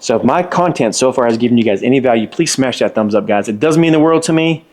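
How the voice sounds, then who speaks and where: A man's voice: medium pitch, lively intonation, fast, few pauses, darkish tone. A man explaining electrical wiring step by step in a casual hands-on tutorial, folksy and repeating himself for emphasis.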